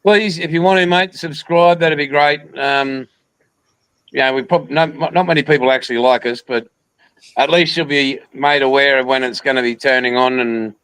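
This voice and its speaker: A man's voice: mid-range voice, steady tone, normal speed, a bit bright, smooth, dry recording, low-quality recording. A man co-hosting a livestream, chatting casually with a joking, teasing manner. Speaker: co-host of a modelling livestream. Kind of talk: casual chat.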